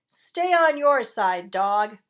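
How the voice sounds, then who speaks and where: A woman voicing a grumpy, prickly male rat in a read-aloud storybook, shouting taunts across a junkyard. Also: fairly high pitch, sing-song, unhurried, exaggerated voice.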